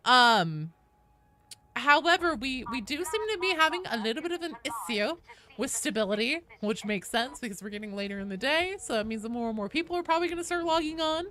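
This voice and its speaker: A woman's voice: sits high, lively intonation, fairly quick, sharp tone. A woman chatting casually with viewers and teammates while streaming a game, swearing, cheering and thanking followers.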